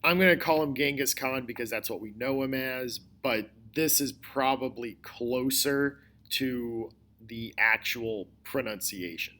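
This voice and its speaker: A male history teacher giving a recorded lecture, explaining slowly and deliberately, often repeating his key points. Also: mid-range voice, bright, forceful tone. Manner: slow, deliberate explaining with repetition.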